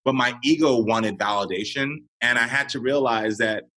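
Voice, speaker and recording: A man in his thirties, a podcast guest talking earnestly and reflectively, getting animated when he tells a story. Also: medium pitch, moderate pace. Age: 30s. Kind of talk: podcast conversation.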